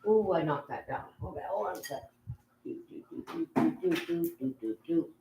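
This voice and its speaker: A woman's voice: lowish voice, expressive, moderate pace, heavy background noise. An older woman hosting a casual livestream from home, rambling and reading viewers' comments aloud with casual swearing. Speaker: livestream host.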